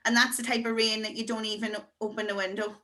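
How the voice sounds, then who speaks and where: A woman teaching to beginners over a video call, chatty and encouraging, slowing down to pronounce words. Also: a little high, little pitch movement, pushed and bright. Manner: chatty, encouraging, slow deliberate pronunciation. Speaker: Irish language teacher. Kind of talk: online beginner class.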